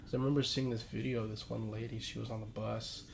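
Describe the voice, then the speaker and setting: Gravelly-voiced young man, laid-back. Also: lowish voice, little pitch movement, quick pace, slight background noise. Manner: laid-back, hedging, easygoing. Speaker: podcast co-host. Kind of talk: casual chat.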